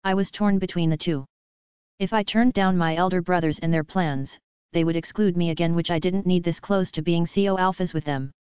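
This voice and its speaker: A woman narrating an audiobook in an even, unhurried reading. Her voice sits low and very smooth, and the recording is dry and a little dull. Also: dry recording. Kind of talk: first-person audiobook narration.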